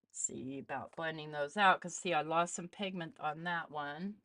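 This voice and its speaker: A woman's voice: sits low, moderate pace, a bit bright. A woman hosting a casual live art demonstration, chatting as she tests supplies and greets viewers. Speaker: art channel host.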